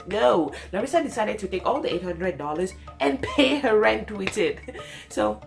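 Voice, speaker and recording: A young woman, a single mother, chatting to camera about her past, laughing often and jumping high in pitch when excited. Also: normal speed, vocal fry, soft background music. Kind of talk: casual story-time chat to camera. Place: home, late at night.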